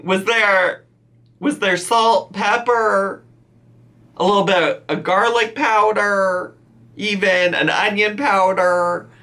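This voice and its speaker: A man's voice: high voice, sharp tone. A man hosting comedic reaction commentary, incredulous and teasing, often breaking into laughter. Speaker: reaction channel host.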